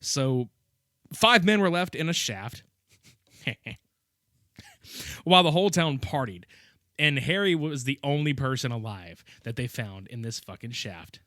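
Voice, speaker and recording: A male podcast host in casual chat, animated and profane, laughing often as he recaps a movie. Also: medium pitch, a little slow, long pauses, no echo, studio quality.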